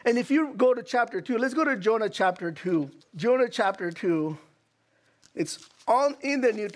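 High-voiced, stammering male preacher. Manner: animated, stammering restarts, rhetorical questions. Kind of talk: sermon.

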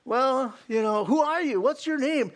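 A man's voice: extremely high pitch, unhurried. A male preacher voicing frightened sailors in a storm, stammering in panic. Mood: demanding.

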